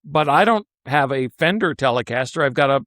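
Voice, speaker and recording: A man's voice: medium pitch, animated, a little fast, a bit bright, no echo, clean studio sound. A man in casual chat, blunt and opinionated, swearing freely as he makes his case.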